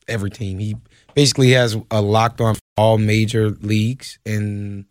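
A man's voice: on the low side, level tone, normal speed, dry recording. A man co-hosting sports talk radio, chatty and agreeable, laughing along. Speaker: radio host. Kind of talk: casual sports radio chat.

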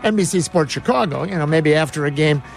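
A man's voice: a little high, fast talker, gravelly, soft background music. A man hosting a sports radio show, telling rambling stories full of fillers and restarts in casual banter.

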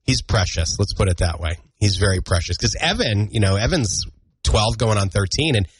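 A man's voice: lowish voice, animated, normal speed, slightly rough. A man hosting a morning radio show, chatting casually and telling self-deprecating family stories, a bit congested from allergies. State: congested from allergies, clearing throat. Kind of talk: casual on-air banter. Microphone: studio broadcast mic.

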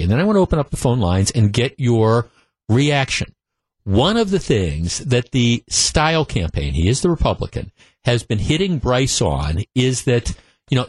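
A man's voice: medium pitch, dry recording. A man hosting a political talk radio show, opinionated and emphatic, often repeating himself as he builds his case. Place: radio studio.

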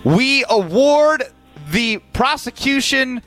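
A man's voice: extremely high pitch, expressive, slow pace, fairly bright tone, soft background music. A man co-hosting sports radio, rambling earnestly as a mock juror. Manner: rambling, earnest, self-deprecating. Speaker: radio co-host. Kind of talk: comedic sports talk.

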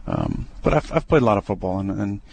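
A young adult man, a quarterback, talking through plays in a relaxed, hesitant way with many fillers and restarts. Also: lowish voice, fast, creaky, slight background noise. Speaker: football quarterback. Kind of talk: casual radio interview.

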